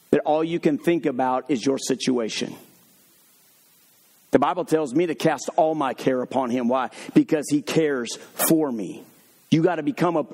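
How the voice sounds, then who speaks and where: A male preacher whose voice sits a bit high for a man. He jumps from quick, joking stories to slow, heavy points, dropping low for emphasis. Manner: lively, humorous storytelling with sudden drops to slow emphatic points. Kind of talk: sermon.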